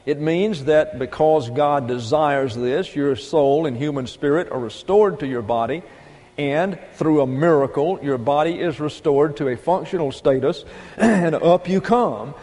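Folksy preacher with a mellow voice in a reverberant hall. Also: male voice, fairly high pitch, unhurried. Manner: folksy, emphatic preaching with rhetorical questions. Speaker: pastor. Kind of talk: sermon.

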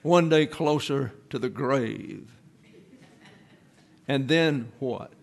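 A man delivers an expository sermon at an unhurried, measured pace, leaning on repeated phrases to drive each point home. His voice sits in a middle pitch, and he teaches in a plain, deliberate way. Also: vocal fry. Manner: slow, deliberate, repeats key phrases for emphasis. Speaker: preacher.

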